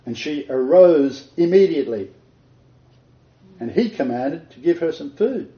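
A man leading an interactive Bible study, quizzing his group and laughing often. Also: on the high side. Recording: roomy dull lo-fi recording.

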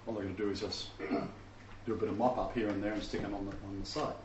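A man's voice: lowish voice, fairly even intonation, fast talker. A man preaching a teaching sermon to a messianic congregation, emphatic and often asking the listeners rhetorical questions. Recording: distant, roomy, dull recording with faint background noise.

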